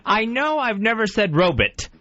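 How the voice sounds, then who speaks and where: Male radio co-host, jumpy pitch, defensive and hesitant, dull dry studio sound. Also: very animated, normal speed, a bit bright, dry recording. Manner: hesitant, defensive, nervous laughter. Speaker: radio talk show co-host. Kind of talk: casual talk radio banter.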